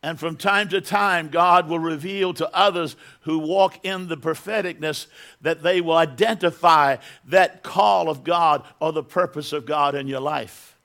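A man's voice: on the high side, fairly even intonation, measured pace, a bit bright. A middle-aged man preaching a sermon as pastor in a church, building to emphatic bursts and repeating words as he goes.

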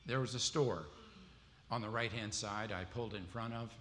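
A man's voice: on the low side, steady tone, moderate pace, fairly bright tone, slight background noise. A man preaching a sermon to a congregation, telling stories and quizzing the audience with questions. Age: adult with wife and kids. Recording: long hall reverb, faint ambience.

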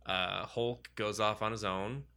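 A man in casual banter about superhero movies, joking and rambling, acting out characters in quick asides. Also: lowish voice, fairly even intonation, gravelly, bright, forceful tone.

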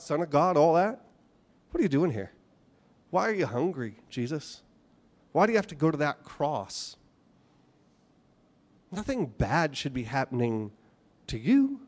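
A male pastor delivering a sermon, his voice sitting a little high for a man and rising and falling widely from line to line. He keeps throwing rhetorical questions at his listeners and slips into the voices of the people he quotes. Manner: animated storytelling, voicing quoted speakers, rhetorical questions.

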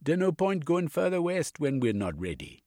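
A man's voice: on the high side, sing-song, moderate pace, darkish tone, no room sound, clean studio sound, voice pushed up. A man doing the Pearly King, a clipped cockney leader. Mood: urgent. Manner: clipped dialect speech.

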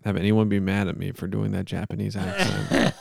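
A man's voice: lowish voice, level tone, brisk, vocal fry, no room sound, studio quality. A man hosting a casual podcast, joking around and putting on a mock-solemn prayer. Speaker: podcast host.

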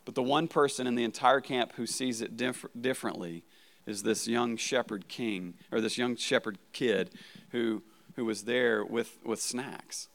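A man's voice: medium pitch, measured pace, a bit bright. A man preaching a sermon as a pastor, talking in a casual, conversational way, often checking in with "right?" and restarting words.

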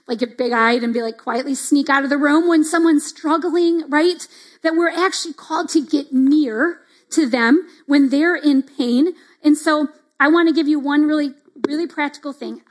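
A middle-aged woman with a high voice leads a devotional teaching talk. She speaks casually, leaning on asides like "like" and "right?". She acts out the little reactions she describes. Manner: conversational, fillers like "like" and "right?". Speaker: church speaker.

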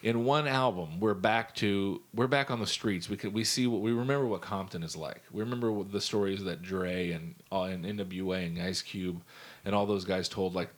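A man co-hosting a casual chat, talking in an animated, rambling way and swearing freely. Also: low-pitched, normal speed. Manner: animated, profane, rambling enthusiasm. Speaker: podcast co-host.

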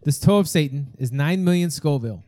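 A man running a casual podcast conversation, talking in loose, rambling bursts full of fillers. His voice sits on the higher side and swings widely in pitch. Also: expressive, a little fast, dark tone, dry recording. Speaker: podcast host. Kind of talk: casual chat.

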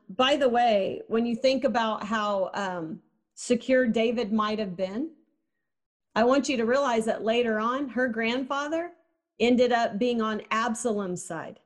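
A woman delivering a sermon in an easy, conversational way. Her voice sits a little high, and she keeps wondering aloud and posing questions to her listeners. Now and then she acts out the people in her story. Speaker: preacher.

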